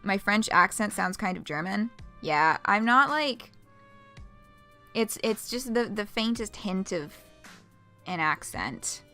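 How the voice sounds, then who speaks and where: Gravelly-voiced woman streaming a game. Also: medium pitch, animated, slow, bright, forceful tone, faint music behind. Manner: chatty, laughs often, swears freely. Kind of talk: casual let's-play commentary, reading a game aloud.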